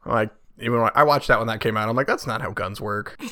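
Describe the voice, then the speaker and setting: A man's voice: on the low side, fast talker, pushed and bright. A man co-hosting a podcast in casual comedic chat, joking irreverently and laughing often. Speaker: podcast co-host.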